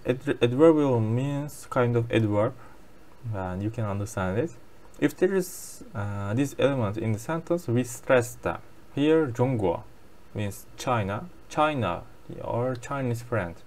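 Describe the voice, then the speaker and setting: Slow, halting man explaining a lesson. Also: medium pitch, a little mellow. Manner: halting non-native English with many fillers. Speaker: language learner sharing daily lessons.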